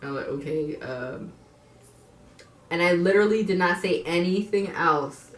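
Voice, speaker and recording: A woman's voice: lowish voice, a little slow, slight background noise. A woman in her twenties telling a personal story to her viewers, blunt and frank, swearing freely and turning to the audience with asides. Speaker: vlogger. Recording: echoey room.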